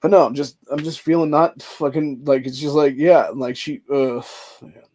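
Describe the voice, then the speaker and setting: A man's voice: on the high side, steady tone, moderate pace, darkish tone. A man in his forties venting in a rambling, profane monologue, emotional and stressed out. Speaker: vlogger.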